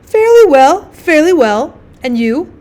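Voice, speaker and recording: A woman's voice: high-pitched, very animated, slow, a little mellow, voice pushed up, heavily acted. A woman doing a spiteful old village washerwoman. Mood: prying.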